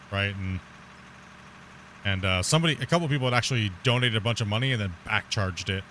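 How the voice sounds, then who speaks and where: A man's voice: fairly low pitch, fast talker, a bit bright, slight background noise. Rambling man chatting on a game stream. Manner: rambling, laughs often, swears casually. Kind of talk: casual chat during a live gameplay stream.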